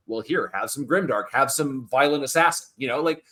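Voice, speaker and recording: An animated man speaks over a video call as a guest author, pressing his points with emphasis. His voice sits at a middle pitch. The talk stays casual and conversational. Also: a little fast. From French Canadian family name. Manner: animated, emphatic advice-giving. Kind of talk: casual podcast interview.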